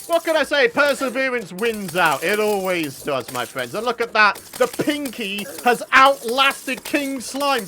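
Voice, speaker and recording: A man hosting a gaming video, giving excitable let's-play commentary, talking to himself and breaking into loud outbursts and laughs. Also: sits high, a little slow, slight background noise.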